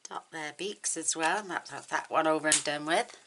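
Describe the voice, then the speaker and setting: Low-voiced woman gently narrating a craft tutorial. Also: normal speed, background noise. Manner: soft-spoken, admiring, often drops to a near whisper. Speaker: card-making tutorial host.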